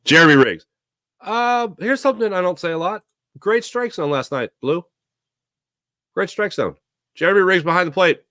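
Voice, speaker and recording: A man's voice: sits high, normal speed, long pauses, dry recording, studio quality. A man hosting a sports talk show, chatting casually and rambling with jokes while he answers viewer comments. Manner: animated, rambling, jokey.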